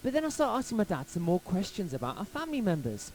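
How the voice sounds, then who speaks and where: A man from England, a pastor telling a personal story in a sermon, lively and anecdotal, acting out quotes along the way. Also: sits high, fast, slight background noise, rough recording.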